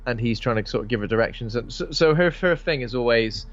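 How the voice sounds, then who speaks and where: A man with an expressive, mid-range voice talks fast as he co-hosts a horror podcast in casual film discussion. He's chatty, swears freely, and acts out lines in a raised voice, and the audio sounds dull and lo-fi.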